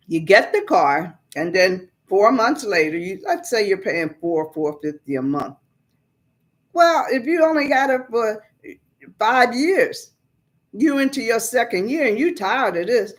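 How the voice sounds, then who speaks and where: A woman's voice: mid-range voice, animated, measured pace. Plain-spoken woman teaching the Bible. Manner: plain-spoken, explains scripture in everyday words. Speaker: preacher.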